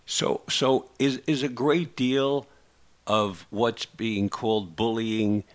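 Halting male radio host. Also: mid-range voice, steady tone. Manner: halting, many fillers and repeats. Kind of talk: interview hosting.

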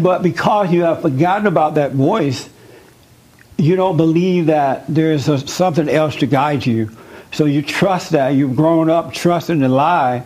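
A man's voice: fairly high pitch, darkish tone, low-quality recording. A man leading a spiritual discussion group, preaching earnestly and drawing in listeners with repeated questions and emphatic repetition. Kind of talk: interactive sermon with audience questions.

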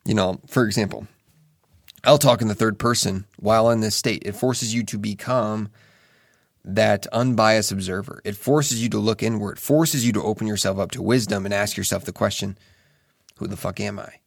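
A young man talks through a reflective monologue in an earnest, musing way, often restarting his sentences and swearing casually. His voice sits low with a gravelly, fry-edged texture. The recording is dry and close, with no room sound. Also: fairly even intonation, normal speed, no room sound. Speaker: solo speaker.

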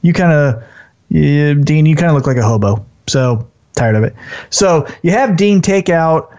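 A man co-hosting a casual wrestling podcast, talking in an animated way and briefly acting out wrestlers in put-on voices. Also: a little high, moderate pace. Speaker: podcast co-host. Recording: dull lo-fi sound.

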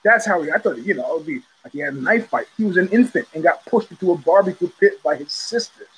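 Husky, sardonic male show host. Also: high voice, lively intonation, quick pace, low-quality recording. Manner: blunt, sardonic, rambling with restarts. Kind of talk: casual solo commentary.

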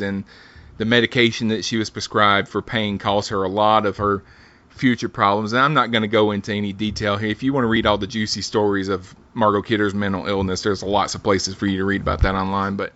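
A man's voice: lowish voice, pushed and bright. A man hosting a casual podcast, reading quiz setups and laughing often. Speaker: podcast host running a quiz game. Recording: dull lo-fi sound.

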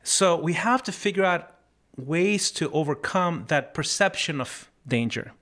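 A man hosting a motivational podcast who talks through life lessons in an earnest, reflective way. He tells stories casually, often restarts a phrase and slows down to stress key points. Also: on the high side, lively intonation, fairly bright tone. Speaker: podcast host.

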